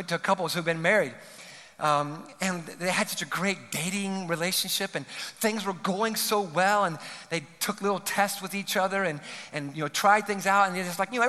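Pastor guy preaching, really high bright voice, pleading hard, long echoey church hall. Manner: earnest, pleading preaching with rising emphatic peaks. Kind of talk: sermon.

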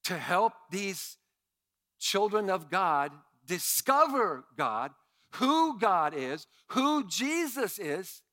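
A middle-aged man preaching a sermon as pastor, animated and impassioned. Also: high-pitched, very slow.

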